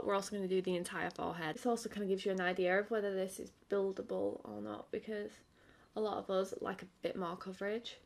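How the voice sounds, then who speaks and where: A woman's voice: mid-range voice, gravelly. A young woman vlogging a casual makeup review, chatty and full of fillers. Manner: chatty, filler-heavy with frequent "like"; quieter and tired while applying makeup. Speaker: beauty vlogger.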